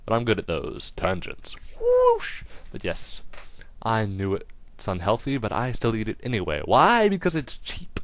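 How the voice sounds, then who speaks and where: A man's voice: lowish voice, moderate pace, a little hiss or hum. A teenage man hosting his own webcast, ranting in a silly, jokey way and wandering off on tangents, his voice still not fully recovered. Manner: silly and animated, goes off on tangents. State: partly lost voice, recovering. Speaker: webcast host. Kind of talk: comedic rant vlog.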